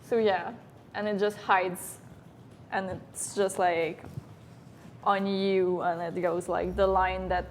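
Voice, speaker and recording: A woman's voice: fairly low pitch, level tone, slow pace, pauses often, slight background noise. A young woman cosplay guest explaining a wig technique, hesitant with many ums.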